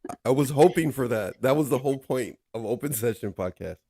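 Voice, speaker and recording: A man hosting a relaxed podcast chat, full of teasing jokes and quick asides. He keeps nudging his guest to carry on. The sound is close and dry, with no room around it. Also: medium pitch, husky, no room sound. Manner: joking, teasing, keeps handing over with "go ahead". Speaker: podcast host.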